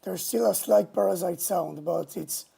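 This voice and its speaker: A man streaming a casual monologue, talking in a halting, indignant way from a home mic setup. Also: high voice, gravelly, mellow, breathy edge. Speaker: livestreamer.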